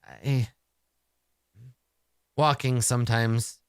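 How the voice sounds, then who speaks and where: A man voicing a frail, sickly young nun in a solo tabletop game, soft-spoken and brushing off her illness. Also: mid-range voice, steady tone, very slow, clear, resonant tone, no room sound, studio quality, voice pushed down. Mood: weak, dismissive.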